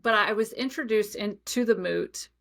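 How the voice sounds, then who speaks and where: A young adult woman hosting a podcast, telling a personal story in a chatty, animated way with many asides. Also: medium pitch, moderate pace, gravelly. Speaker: podcast host. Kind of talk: casual storytelling monologue.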